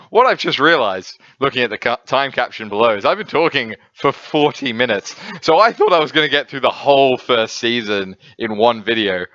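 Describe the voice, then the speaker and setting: An enthusiastic man recaps and reviews a comic in a loose, rambling monologue full of fillers, speaking from a home setup. His voice sits somewhat low but sounds bright and crisp. The recording is dry and close, with a slightly dull, lo-fi sound. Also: no echo. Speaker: manga and anime reviewer. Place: home setup, filmed at night. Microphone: camera setup.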